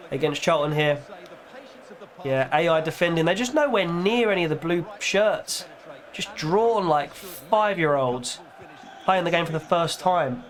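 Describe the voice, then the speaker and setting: A young man giving casual, jokey commentary over a football video game, his voice a little strained. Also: on the high side. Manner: chatty, jokey, excitable play-by-play. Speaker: gaming YouTuber.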